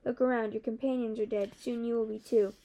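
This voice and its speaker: A woman's voice: a little high, flat delivery, brisk, dark tone, slight background noise, lightly acted. A woman voicing a cruel, sneering male soldier leader who barks orders and taunts his captive. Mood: cold. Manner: sneering, commanding.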